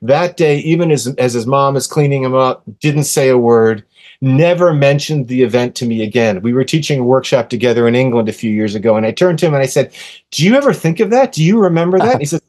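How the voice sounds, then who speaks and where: A man in his sixties, a podcast guest, telling a personal story earnestly and with animation, softening to a hush when quoting gentle words. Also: mid-range voice, a little fast. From USA. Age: 60s. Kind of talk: casual storytelling in an interview.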